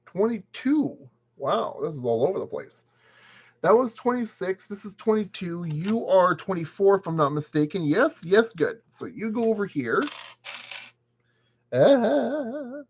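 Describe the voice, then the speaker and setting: A man's voice: high voice, big pitch swings, normal speed, husky. A man building a model kit and commenting casually as he works, playfully talking to the parts. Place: at a work table.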